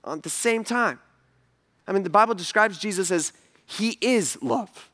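A male pastor delivering a sermon with a high, bright and forceful voice. He talks to the congregation casually, throws rhetorical questions at them and pushes his emphatic points hard. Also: expressive, unhurried. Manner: conversational, asks the audience rhetorical questions; emphatic, builds to forceful passages.

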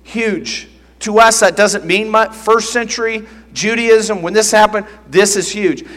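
A man's voice: high voice, a little slow, fairly bright tone. A man preaching a sermon as pastor, teaching earnestly and emphatically, often repeating phrases. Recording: long reverb of a large hall.

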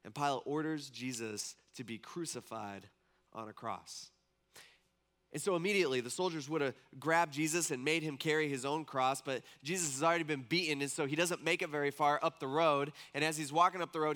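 Bright-voiced man preaching casually. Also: a little high. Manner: casual, animated retelling with acted-out quotes. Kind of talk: storytelling sermon.

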